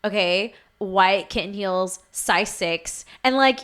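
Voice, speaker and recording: A young woman guest in a casual podcast chat, relaxed and chatty with lots of "like". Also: medium pitch, takes it slowly, clean tone. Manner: relaxed and chatty, heavy use of "like".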